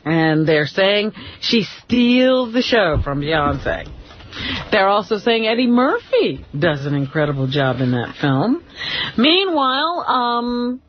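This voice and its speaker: A woman co-hosting a radio show, reading entertainment news in a chatty way and laughing between items. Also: fairly high pitch. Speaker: news reader and co-host. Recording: dull radio broadcast with faint hiss.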